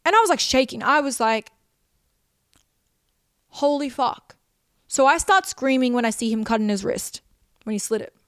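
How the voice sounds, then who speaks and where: A woman's voice: fairly high pitch, animated, fairly quick, a bit bright, clear, resonant tone, dry recording. A young woman, hosting a podcast and telling a personal story in an emotional, rambling way full of repeated phrases. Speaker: podcast host.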